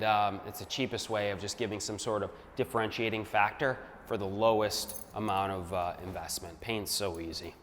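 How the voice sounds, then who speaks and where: A man's voice: mid-range voice, a bit bright, big-room sound. A man, a real estate investor, walking through a renovation and talking in punchy, hyped short phrases. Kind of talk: walkthrough vlog. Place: empty house under renovation, indoors.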